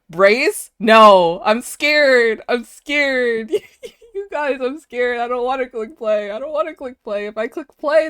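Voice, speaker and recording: A woman's voice: fairly high pitch, fairly bright tone, dry recording, clean studio sound. A young woman streaming, reacting to a video with laughter and dramatic, repeated cries. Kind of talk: live stream reaction chat.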